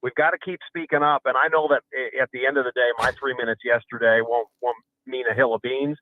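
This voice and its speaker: A man's voice: medium pitch, level tone, quick pace, slight background noise. Man on a tinny phone line. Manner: earnest, emphatic, repeats words. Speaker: fellow radio host calling in. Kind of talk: casual radio banter.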